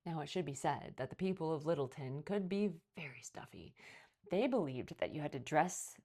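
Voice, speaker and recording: A woman reading a picture book aloud as a children's librarian, telling the story expressively. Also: normal speed. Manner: expressive storytelling, lively pitch.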